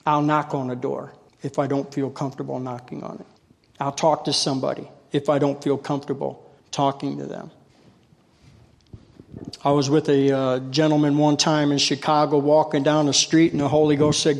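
A man's voice: fairly high pitch, a little mellow. A male preacher telling folksy, self-deprecating stories in a sermon. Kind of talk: sermon with storytelling. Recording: long hall reverb.

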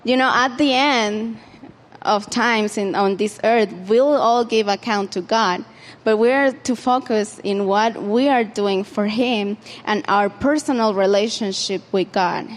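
A woman's voice: medium pitch, measured pace, big-room sound. Woman preaching in a chatty, informal way. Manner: conversational, with many fillers and restarts. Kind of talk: informal sermon.

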